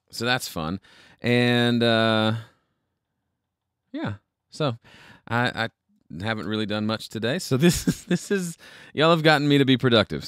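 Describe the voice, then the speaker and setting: A man's voice: lowish voice, a bit bright, clear, resonant tone, no echo. A man hosting a casual livestream from his home studio, rambling and thinking aloud as he troubleshoots, with self-deprecating asides. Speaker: livestream host.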